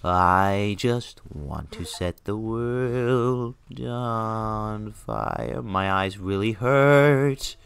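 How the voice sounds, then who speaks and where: A man doing a slow, brooding voice of a vengeful grieving widower, spoken in a low register. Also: fairly bright tone, dry recording.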